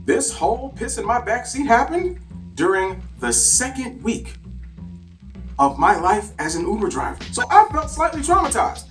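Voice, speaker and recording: A man tells a comic story from his days as a driver, his voice leaping all over the place and full of cussing. He sounds a little distant from the mic. Faint music plays behind him. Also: very high-pitched. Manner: animated, profane, exaggerated retelling. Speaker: rideshare driver telling stories. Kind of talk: comedic storytelling.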